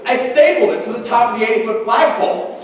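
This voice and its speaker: Young guy doing a loud bossy teacher, mean and mocking, high voice bouncing around a big hall. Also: quick pace. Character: sadistic male teacher, booming and mocking. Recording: echoey hall from far off, faint noise.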